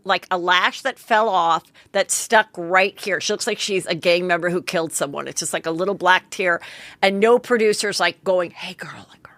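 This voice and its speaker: A woman's voice: lowish voice, normal speed, fairly bright tone, no echo. A woman podcast host doing a chatty, gossipy comedic recap and acting out quotes.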